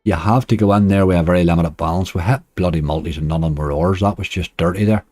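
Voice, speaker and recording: A man's voice: low-pitched, fast talker, warm tone, no room sound. A man with a Northern Irish accent giving chatty live-stream commentary on casino games, talking to his chat and groaning at near misses. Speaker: slots streamer.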